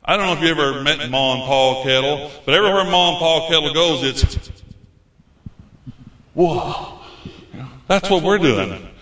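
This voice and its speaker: A man's voice: on the high side, brisk, sharp tone. Fervent folksy preacher man. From United States. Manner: folksy, repeats phrases, fervent. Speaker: visiting preacher. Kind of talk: sermon. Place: church hall. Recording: roomy church hall.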